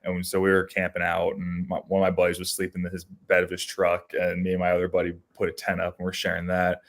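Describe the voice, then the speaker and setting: Low-voiced young man telling rambling stories. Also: fast. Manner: rambling, animated storytelling with many restarts. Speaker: podcast co-host. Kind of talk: casual storytelling chat.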